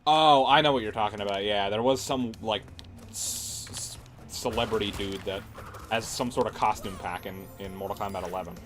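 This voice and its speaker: Low-voiced ranting gaming streamer guy. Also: moderate pace, a bit bright, a little hiss or hum. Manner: ranting, sarcastic, swears freely. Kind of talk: casual livestream chat.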